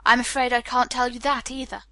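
A woman voicing a calm, stubborn Englishman who answers questions with clipped, guarded refusals. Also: fairly high pitch, fairly quick, no echo.

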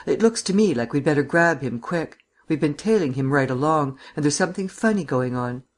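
A man's voice: fairly high pitch, lively intonation, fairly quick, lightly acted. A man voicing a blunt, worried police sergeant giving a plain report in an audiobook reading.

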